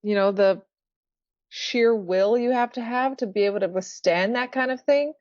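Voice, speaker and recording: A woman's voice: fairly high pitch, moderate pace, darkish tone, dry recording. A woman who sings in a band, a guest in a casual interview, talking earnestly and laughing easily. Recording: dull lo-fi dry sound.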